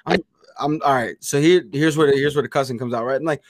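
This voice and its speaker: Profane, animated storytelling man. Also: mid-range voice, fast talker, dry recording, studio quality. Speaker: podcast co-host. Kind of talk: casual chat.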